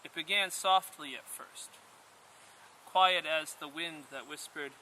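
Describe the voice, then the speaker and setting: A man telling a storybook tale aloud at a camp in a slow, rhythmic way, outdoors in the countryside. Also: a little high, a little hiss or hum, low-quality recording. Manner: slow, rhythmic, rising to loud climaxes.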